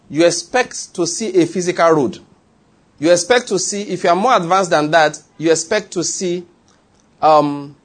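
High-voiced man preaching a sermon. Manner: teaching, reads scripture aloud with emphatic repetition.

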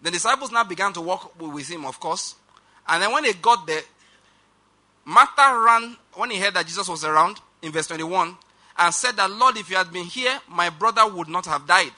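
Bright high-voiced male preacher. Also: expressive. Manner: emphatic, slows down for quoted scripture; rushed asides, calls on congregation to repeat. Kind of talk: sermon.

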